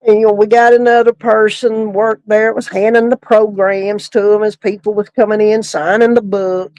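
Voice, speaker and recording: A woman's voice: mid-range voice, level tone, moderate pace, darkish tone, no room sound, highs cut off. A woman who works at a funeral home, telling a comic story in a casual way and laughing often as she talks.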